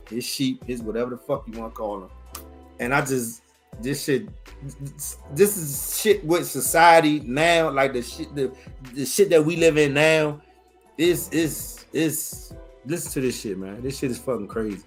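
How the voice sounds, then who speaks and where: A man in his forties hosting a podcast, talking casually with a profane, exasperated manner. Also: medium pitch. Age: 40s. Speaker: podcast host.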